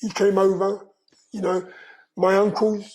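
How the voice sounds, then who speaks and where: Older guy telling his life story, dark mellow voice, lots of "you know". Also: sits high, little pitch movement, low-quality recording. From London, England. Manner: slow, heartfelt storytelling with frequent "you know". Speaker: guest. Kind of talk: personal life story told in an interview.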